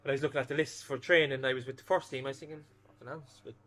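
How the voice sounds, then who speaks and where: A fast-talking man in his thirties recounts his playing days in a casual interview. His voice is bright and forceful, and he tells his anecdotes with lively energy and plenty of swearing. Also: medium pitch. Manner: animated anecdotes, swears freely. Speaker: former footballer guest.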